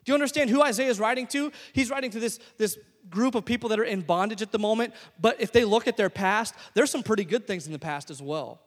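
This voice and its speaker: High-voiced young man preaching in a hall. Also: lively intonation, fast talker, hardly any pauses. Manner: emphatic preaching, swings between loud exhortation and soft asides. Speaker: pastor. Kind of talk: sermon. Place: church sanctuary.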